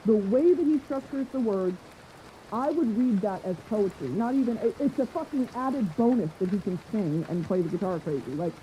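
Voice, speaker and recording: A woman's voice: medium pitch, lively intonation, normal speed, warm tone, slight background noise, low-quality recording. Profane, rambling woman podcast host. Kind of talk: casual podcast chat. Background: faint rain.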